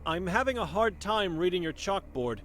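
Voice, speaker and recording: A man's voice: high-pitched, animated, normal speed, music in the background. An actor voicing an earnest male monk from Hungary who asks polite, pressing questions in a video game. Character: earnest male monk searching for his sister.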